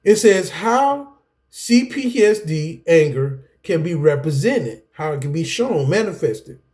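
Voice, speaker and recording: A man teaches to the camera, and his voice sits high and swoops up and down. He talks in a preaching rhythm, calls the viewers y'all, and keeps dissolving into laughter and restarting his sentences. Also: big pitch swings, unhurried, darkish tone. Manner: laughs often, breaks off mid-sentence, repeats himself. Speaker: self-help video teacher. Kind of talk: preachy talk to camera about anger.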